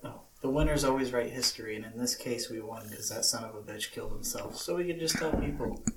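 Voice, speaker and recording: A man's voice: medium pitch, fast, distant mic. A man joking dryly as a podcast co-host in a casual chat. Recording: echoey room, away from mic, noisy.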